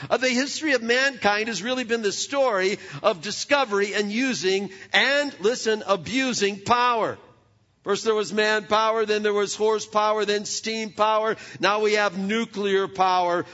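A man preaches in a loose, conversational style, tripping over and repeating words as he works through his points. His voice sits fairly high and rings out with a long reverb, and the sound is dull and lo-fi, as from an old hall recording. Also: a bit bright. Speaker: pastor. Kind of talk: sermon.

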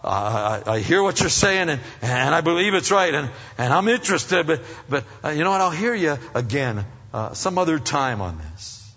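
A preacher voicing Felix, stammering and evasive. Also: male voice, a little high, sing-song, normal speed, few pauses, a bit bright, husky, pitched above the performer's own voice, exaggerated voice. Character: evasive ancient Roman governor Felix, man. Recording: dull recording in a reverberant hall.

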